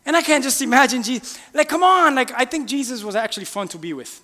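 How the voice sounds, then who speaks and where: An animated male preacher with a very high, bright, forceful voice keeps things casual and throws question after question at his listeners. A long reverb hangs after his words, as in a large hall or church. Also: quick pace. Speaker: pastor. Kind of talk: sermon.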